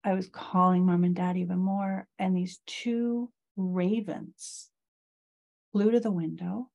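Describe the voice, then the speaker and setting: A middle-aged woman, a guest in an interview, slowly and reflectively telling a personal story of loss. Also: lowish voice, steady tone, vocal fry, darkish tone.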